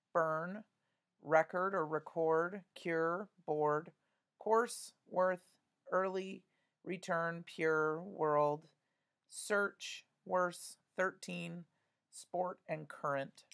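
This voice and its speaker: A woman's voice: on the low side, extremely slow, fairly bright tone. A woman teaching a spelling lesson, patiently spelling words out letter by letter and talking through each answer aloud.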